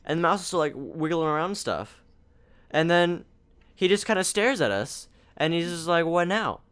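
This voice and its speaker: Animated young man telling rambling stories. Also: a little high, moderate pace, clean tone. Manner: rambling, animated, acts out family members. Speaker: podcast co-host. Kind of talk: casual chat, storytelling.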